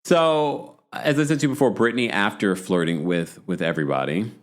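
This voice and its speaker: A man hosting a reality TV recap podcast, telling the story in an animated, gossipy way and checking in with "okay?" asides. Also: on the low side, fairly quick. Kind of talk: casual chatty recap.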